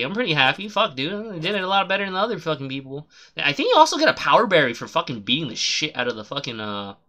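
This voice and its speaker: A man streaming a game live, chatting casually and swearing a lot, rambling and then shouting suddenly at the game. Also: fairly high pitch. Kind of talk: casual live gameplay commentary.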